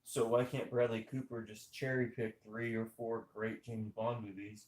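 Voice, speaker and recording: A man's voice: mid-range voice, flat delivery, normal speed, hardly any pauses, darkish tone. A man hosting a casual podcast, talking emphatically about movies and firing off rhetorical questions. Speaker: podcast host. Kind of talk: casual opinionated chat over gameplay. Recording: echoey room.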